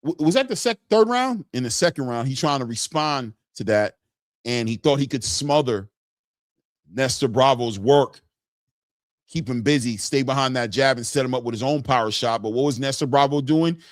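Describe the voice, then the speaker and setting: A man hosting a casual boxing livestream, talking in an excitable, slangy way and hollering often. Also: mid-range voice, no room sound, clean studio sound. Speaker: boxing commentary host. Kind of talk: casual livestream fight commentary.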